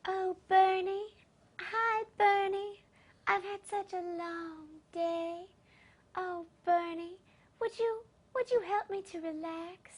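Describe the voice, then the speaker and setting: A woman playing a flirtatious character who coos in a breathy voice. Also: extremely high pitch, fairly even intonation, slow. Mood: cooing.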